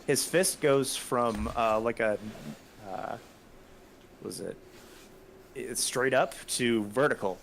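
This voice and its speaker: Male game master, mid-pitched, loose and descriptive, narrates a tabletop game. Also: fairly bright tone, slight background noise. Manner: loose, descriptive, chuckling storyteller.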